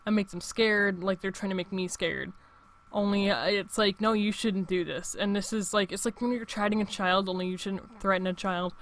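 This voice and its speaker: A man's voice: sits high, steady tone, moderate pace, fairly bright tone, a little hiss or hum. A young man in his late teens, hosting his own show in a rambling, profane casual monologue full of restarts. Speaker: show host.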